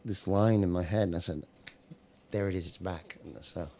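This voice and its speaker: A man's voice: sits low, fairly even intonation, normal speed, mellow, a little hiss or hum. An American man who plays guitar and writes songs, talking casually in a radio interview with a rambling, easygoing manner and plenty of fillers. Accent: American, picking up Scottish words. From United States. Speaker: singer-songwriter guest. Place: radio studio.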